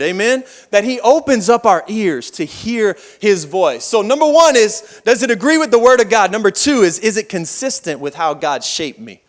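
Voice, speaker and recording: High-voiced folksy preaching man. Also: fairly bright tone. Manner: folksy storytelling with rambling asides. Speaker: pastor. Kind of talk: sermon. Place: church service.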